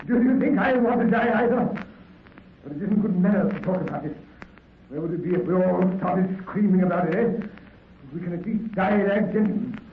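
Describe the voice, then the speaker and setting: A proper old gentleman lectures about manners and dying, his voice pitched high and stammering over restarts. It comes through a thin, phone-like old radio recording with a hollow echo and faint hiss. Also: a little fast. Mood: indignant. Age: older. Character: stiff, formal old gentleman trapped in mine. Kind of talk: 1930s radio drama acting. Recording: scratchy, echoey 1930s radio broadcast.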